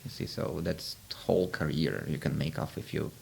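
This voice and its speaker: A man's voice: very deep voice, normal speed, gravelly, a little hiss or hum. A man hosting a podcast interview, explaining ideas in a reflective, casual way with frequent restarts. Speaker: podcast host.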